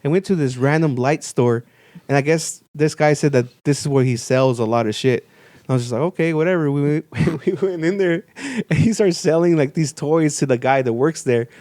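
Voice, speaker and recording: A young man tells a long, laid-back story on a podcast, peppering it with curses and bouncing his pitch up to mimic other people. His voice sits a little high for a man, and the mic is close and dry with almost no room sound. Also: normal speed, darkish tone, no room sound. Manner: swears a lot, acts out quoted people with jumps in pitch. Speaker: podcast co-host. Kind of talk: casual storytelling chat.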